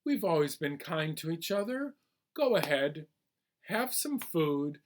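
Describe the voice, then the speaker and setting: A man voicing a kind-hearted male pig neighbor in a children's story, gentle and neighborly. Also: on the high side, big pitch swings, a little slow, a little hiss or hum. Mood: friendly.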